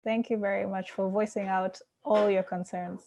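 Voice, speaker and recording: A woman's voice: medium pitch, flat delivery, moderate pace, creaky, warm tone, a little hiss or hum. A woman hosting an online forum, thanking the speakers and introducing the next guest. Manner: gracious, thankful. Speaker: forum host. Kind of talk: event moderation.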